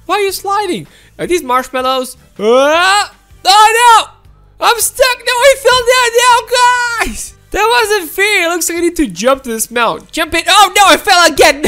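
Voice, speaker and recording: Woman, excitable gameplay commentary, high voice, swoops all over, faint game music behind. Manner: excitable, gasping and laughing, talks to viewers. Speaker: gameplay video host.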